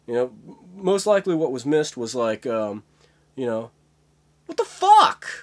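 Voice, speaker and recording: A man's voice: medium pitch, expressive, normal speed, a little mellow. Young guy rambling on his vlog, tons of fillers and cussing, voice bounces all over. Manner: rambling, many fillers, profane. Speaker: vlogger. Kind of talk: casual rambling monologue.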